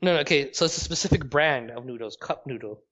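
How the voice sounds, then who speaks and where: A man's voice: medium pitch, fast, fairly bright tone. A man co-hosting a casual gaming chat over a call, blunt and opinionated, swearing as he makes his points. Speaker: podcast co-host. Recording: dull lo-fi call audio.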